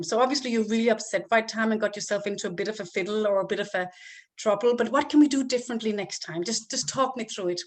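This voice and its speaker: A woman giving calm, step-by-step parenting advice as a coach, sometimes acting out what to say to a child. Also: on the high side, a little fast. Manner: calm, explains step by step and acts out example phrases to a child.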